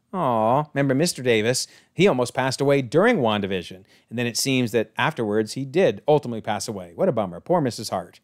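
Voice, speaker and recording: A man's voice: medium pitch, lively intonation, quick pace, few pauses. A man giving a casual, enthusiastic episode breakdown, chatty and often correcting himself mid-sentence. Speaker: YouTube show recapper.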